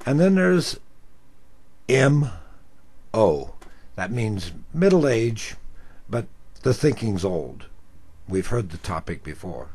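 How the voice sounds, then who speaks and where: An older man, a former radio talk host, telling a story in an animated, self-mocking way. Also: fairly low pitch, takes it slowly, pauses often, husky. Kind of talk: storytelling monologue.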